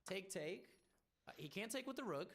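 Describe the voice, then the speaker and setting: A man's voice: sits high, animated, normal speed, vocal fry. A man playing chess and thinking his moves through aloud, with stammering restarts and wry teasing of his opponent. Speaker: chess streamer.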